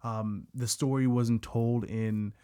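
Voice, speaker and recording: A man's voice: medium pitch, fairly even intonation, takes it slowly, dark tone, clean tone. A man co-hosting a casual podcast, talking in rambling stretches with stammered restarts. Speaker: podcast co-host.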